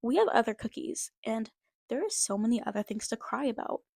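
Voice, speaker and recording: A woman's voice: on the high side, big pitch swings, brisk, gravelly, a little mellow, slightly rough, no echo, full character voice. A woman reading the lines of a sheepish father who lectures his daughter, in close to her own voice. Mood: lecturing. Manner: sheepish, hesitant, then scolding.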